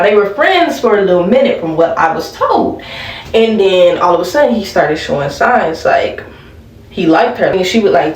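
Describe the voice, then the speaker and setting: A woman's voice: lowish voice, a little mellow, echoey room, distant mic, low-quality recording. A young woman vlogger chatting casually through a storytime while doing her makeup, laughing and talking to viewers as y'all. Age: young adult.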